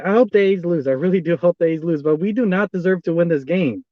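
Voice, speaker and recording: A man's voice: high voice, fast, no echo, muffled recording. A man giving live fan commentary on a baseball game, exasperated and repeating the same pleas over and over. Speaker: fan streaming a live baseball watch-along.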